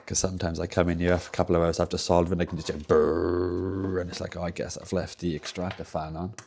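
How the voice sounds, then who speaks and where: Speaking very fast in a deep, monotone voice that's a touch mellow, a young man from Wales chats with a Welsh accent against slight background noise. On his livestream he rambles casually, tinkering with game controllers at the soldering bench in his home workshop.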